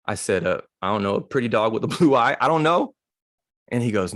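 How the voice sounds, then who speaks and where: A man's voice: on the low side, lively intonation, a little fast, dry recording, clean studio sound. A man giving a motivational talk, telling personal stories in a casual, candid and humorous way. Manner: casual, conversational, acts out dialogue in stories. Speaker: motivational speaker.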